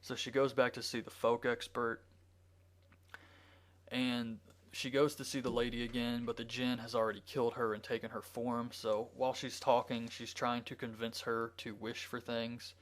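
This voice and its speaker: A man's voice: mid-range voice, level tone, normal speed. A man reviewing a movie, retelling the plot in a loose, rambling way with frequent filler words. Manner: rambling, with frequent ums and likes. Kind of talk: casual plot recap.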